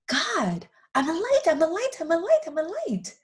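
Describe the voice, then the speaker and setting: A woman voicing a small, eager, childlike male soul in a spoken story, high and full of wonder. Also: wildly swooping pitch, moderate pace, full character voice. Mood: excited.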